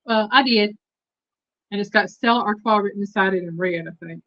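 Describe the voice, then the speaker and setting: A woman's voice: mid-range voice, a little fast, a bit bright, dry recording, highs cut off. A woman with a Southern Texas accent hosting a live stream, chatting casually and reading trivia questions aloud to her viewers. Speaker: host.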